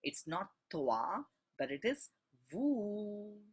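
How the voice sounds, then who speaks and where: A male French teacher works through a textbook exercise slowly and patiently. His voice is a little husky, and his pitch rises and falls a lot as he stresses each word and spells it out letter by letter. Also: big pitch swings. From India.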